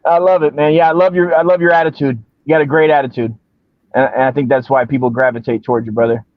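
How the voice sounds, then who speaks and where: A man's voice: mid-range voice, fairly even intonation, fast talker, dry recording. A man hosting a casual live stream, talking in friendly slang and calling his guest brother and man. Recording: dry, dull lo-fi sound.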